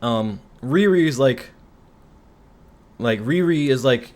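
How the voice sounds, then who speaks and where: A man's voice: medium pitch, animated, slow pace, a little mellow. A man talks through a show's plot in a loose, rambling recap. He swears freely and turns sarcastic whenever something annoys him. His voice sits in an ordinary middle range. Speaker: commentary YouTuber. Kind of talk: ranting show recap.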